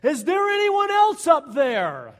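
A man voicing a desperate man hanging from a cliff, shouting and stammering in panic. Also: extremely high pitch, huge pitch swings, slow, long reverb tail, pitched above the performer's own voice, exaggerated voice. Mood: frantic shout.

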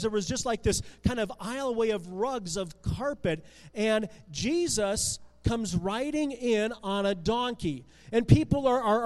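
A man with a very high voice tells a Bible story to children, animated and conversational, often restarting his words. His voice carries a long reverb, as in a large hall.

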